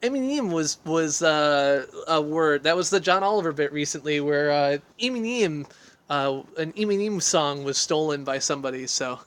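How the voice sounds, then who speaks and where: Talking into a phone on a selfie stick from an outdoor deck, a man runs a casual livestream with a fairly high, fairly bright, clear, and resonant voice. He is animated and keeps a moderate pace, rambling, joking at his own expense, and reading viewer questions aloud to answer them.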